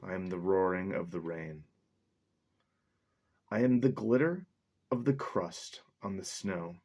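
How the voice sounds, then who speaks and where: A man's voice: low voice, slow pace, darkish tone. A man chatting casually on camera, joking around between reading poems aloud. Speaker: vlogger reading poetry aloud. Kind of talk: casual chat and poetry reading.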